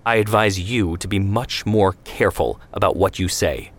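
A man's voice: sits low, normal speed. A man reading the lines of a stern family father who speaks with weary authority and quotes proverbs in an audio story.

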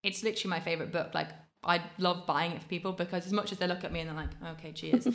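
A woman, a fitness coach giving quick practical advice in casual podcast chat. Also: on the low side, steady tone, a bit bright. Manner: fast, practical advice with many fillers.

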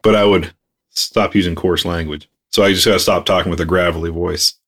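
A man's voice: low-pitched, brisk. A man co-hosting a podcast, chatting casually and laughing often. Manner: animated, laughs often, quotes in put-on voices. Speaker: podcast co-host. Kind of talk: casual chat.

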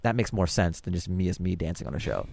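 A man's voice: low-pitched, lively intonation, fast, creaky, a little mellow. A man, telling stories casually as a comedian guest on a podcast. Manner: laid-back storytelling with frequent fillers.

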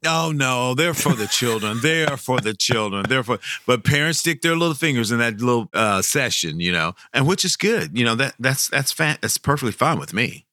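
A middle-aged man from Texas, a professional Santa Claus, tells stories in an interview, animated and quick to laugh. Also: no echo, clean studio sound. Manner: animated, jumps high when quoting kids, laughs often. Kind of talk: storytelling interview.

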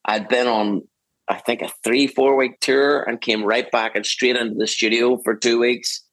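A man's voice: mid-range voice, steady tone, normal speed, a bit bright, no room sound, poor audio. A middle-aged man with a Northern Irish accent, a singer-songwriter guest talking in a rambling, self-interrupting way and laughing easily, over a video call. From Northern Ireland. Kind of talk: casual interview chat.

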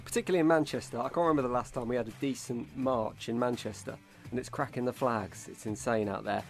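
A man hosting a football podcast, chatty and quick to laugh. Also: mid-range voice, steady tone, creaky, soft background music. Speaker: podcast host. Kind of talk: casual football podcast chat.

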